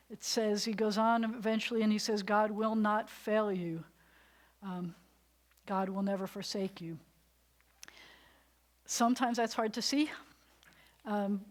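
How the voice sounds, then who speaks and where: Chatty woman giving a sermon. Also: mid-range voice. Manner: conversational, with fillers and dramatic gasps. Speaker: rabbi leading a service. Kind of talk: informal sermon. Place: synagogue sanctuary.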